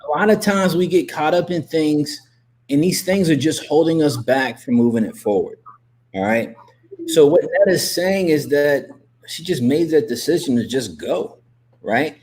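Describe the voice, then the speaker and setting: A man hosting a live interview as a coach, talking emphatically and repeating himself as he gives shout-outs and pep talk. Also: fairly high pitch, expressive, moderate pace. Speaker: host and coach. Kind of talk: motivational livestream talk.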